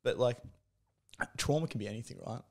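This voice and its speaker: Fast-talking man, candid. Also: medium pitch. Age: 30s. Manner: frank, swears freely, heavy use of "like" and "you know". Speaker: guest. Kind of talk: candid conversational storytelling.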